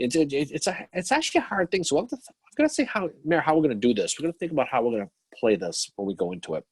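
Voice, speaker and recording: A man co-hosting a casual live-streamed chat, talking quickly and animatedly and repeating words as he restarts. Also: a little high, big pitch swings, slightly rough, no echo. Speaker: co-host.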